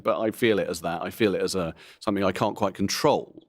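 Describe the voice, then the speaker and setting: A middle-aged male comedian with a low voice speaks candidly in an interview, recorded with no echo. He's frank and self-deprecating, rambling through frequent asides and quick to laugh.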